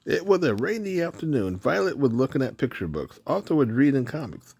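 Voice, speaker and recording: A man's voice: mid-range voice, big pitch swings, fairly quick, gravelly, darkish tone, slight background noise. A man reading a children's picture book aloud as the channel's reader, with a sing-song storytelling manner.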